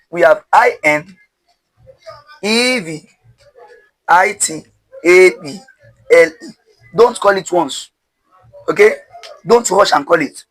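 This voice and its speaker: A man's voice: sits high, fairly bright tone, low-quality recording. A man teaching pronunciation step by step, drilling syllables with call-and-response and asking rhetorical questions.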